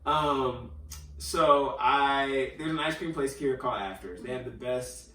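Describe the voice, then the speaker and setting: A podcast host with a mid-range voice and measured pace tells a story in relaxed conversation, acting out the quoted lines with plenty of filler words. He sounds a bit off mic, recorded from a distance in a roomy space.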